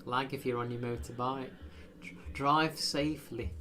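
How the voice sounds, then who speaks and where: A man's voice: medium pitch, fairly even intonation, a little slow, bright, forceful tone, slight background noise. A man chatting casually while live streaming a video game, rambling with lots of fillers. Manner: rambling, self-deprecating, frequent fillers.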